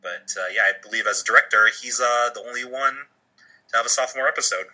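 A man's voice: medium pitch, fast talker, sharp tone, low-quality recording. A man co-hosting a casual movie podcast, summarizing plots with many uhs and ums and dropping dry quips. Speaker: podcast co-host.

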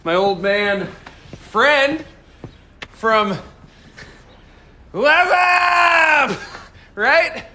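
An actor playing an embarrassed, eager-to-please young man who talks nervously and haltingly. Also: very high-pitched, expressive, very noisy, exaggerated voice. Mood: flustered.

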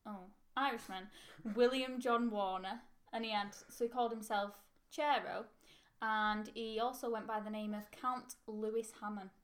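A young woman hosts a casual podcast in a slightly high voice. She is chatty and laughs easily. She pokes fun at herself as she talks. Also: fairly even intonation, moderate pace. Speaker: podcast host.

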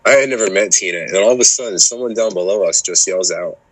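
A man's voice: deep voice, quick pace, slightly rough, no room sound, low-quality recording. A man guest on a hiking podcast, talking casually and rambling with lots of "you know" and restarts. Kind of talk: casual chat.

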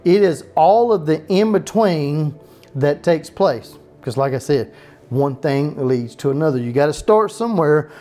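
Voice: medium pitch, animated, unhurried, mellow, faint music behind. Pastor preaching a casual home sermon. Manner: conversational preaching, frequent restarts and off-note asides. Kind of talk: home Bible-study sermon.

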